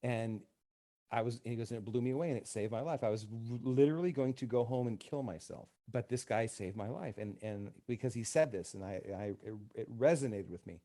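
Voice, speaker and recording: Speaking fairly quickly in a mellow, mid-range voice, a male counselor shares stories as a guest on a casual podcast conversation. The tone is that of relaxed radio talk, and he performs the dialogue he quotes.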